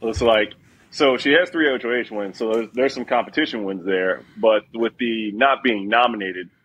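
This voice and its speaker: A man on a video call giving a measured analysis, padded with "like", over muffled lo-fi call audio. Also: fairly low pitch, a bit bright, breathy edge, dry recording. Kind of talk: casual panel chat on a video call.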